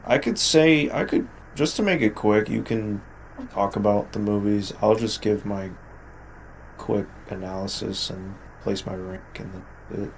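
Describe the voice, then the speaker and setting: A man co-hosting a casual stream chat, laid-back and halting with fillers. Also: on the low side, slight background noise, low-quality recording. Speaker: co-host.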